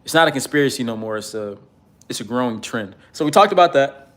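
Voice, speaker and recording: A man's voice: medium pitch, animated, fast talker, fairly bright tone. A man giving a casual commentary monologue, rambling with many fillers and speaking bluntly and profanely. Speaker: political commentator.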